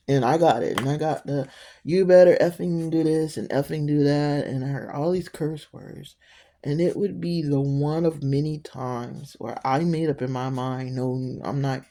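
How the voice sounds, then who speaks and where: A middle-aged woman tells a personal story to her viewers. Her voice is mellow and warm, and she rambles conversationally, often breaking off to speak directly to the listener. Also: low-pitched. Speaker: storyteller vlogger.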